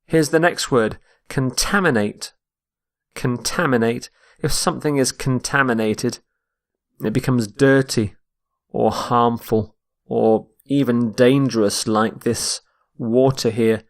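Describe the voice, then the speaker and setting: A man teaches English vocabulary at a slow, unhurried pace. He speaks deliberately and repeats each word to model its stress, in a voice of ordinary middle pitch. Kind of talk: vocabulary lesson.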